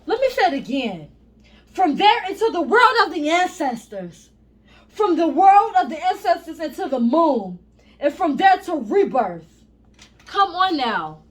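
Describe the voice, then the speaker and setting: A woman's voice: very high voice, unhurried. A woman reading scripture aloud and breaking off into casual, profane, emphatic commentary. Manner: profane, animated, emphatic, laughs and apologizes.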